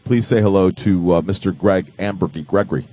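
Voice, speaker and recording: A man's voice: low voice, fairly quick, mellow, slightly rough. A man hosting a live online talk show, joking and rambling with frequent fillers and restarts. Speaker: host.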